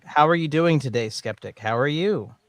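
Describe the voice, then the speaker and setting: A man in casual group chat, reacting to videos with excited exclamations. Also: on the high side, normal speed, dry recording, studio quality.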